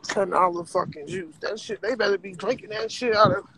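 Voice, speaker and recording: A woman chatting casually on a livestream, loose and profane, a little sick and clearing her throat now and then. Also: medium pitch, a little fast, noisy background. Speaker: vlogger.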